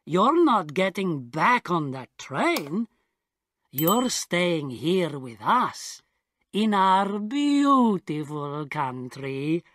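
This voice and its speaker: A woman's voice: on the low side, very animated, very slow, fairly bright tone, dry recording, full character voice. A woman doing a smug gloating policeman. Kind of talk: story reading for English learners.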